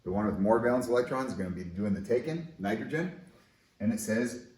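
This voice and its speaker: A man teaching chemistry in a lively, conversational, enthusiastic way, in a recorded classroom lesson. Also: on the low side, fairly quick, roomy sound, poor audio.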